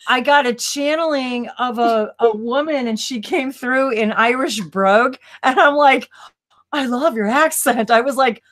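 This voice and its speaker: A woman with a high-pitched, slightly bright voice co-hosts a spiritual livestream via video call. Her casual talk wanders, and she interrupts herself with brief bursts of laughter.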